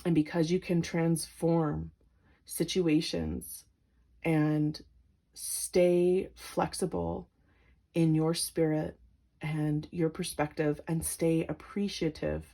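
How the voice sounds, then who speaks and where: A tarot reader with a low, creaky voice does a pick-a-card reading for her viewers. She is gentle and emotional, and her speech is full of filler words.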